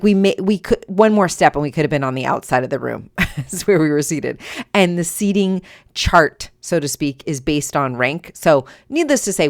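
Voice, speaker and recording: Middle-aged woman, podcast host, low voice, animated personal storytelling with acted-out dialogue. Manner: animated, acts out quoted dialogue.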